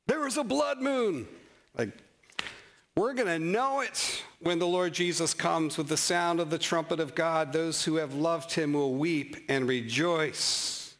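A male pastor delivering a sermon in a fairly high voice. He preaches with animation, jumping up in pitch for emphasis and slowing right down to read scripture word by word. A self-deprecating humor runs through it. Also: a bit bright.

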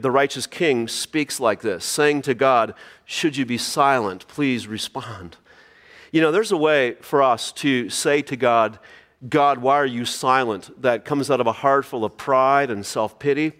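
Male pastor, sermon, earnest, rhetorical questions, slightly high voice, church reverb. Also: fairly bright tone. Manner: earnest preaching with rhetorical questions, reads scripture aloud.

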